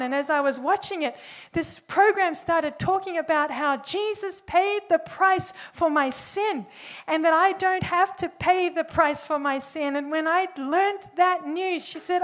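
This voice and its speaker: A young woman preaching, telling a story in an animated way and acting out the quoted dialogue. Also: high-pitched. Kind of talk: sermon storytelling.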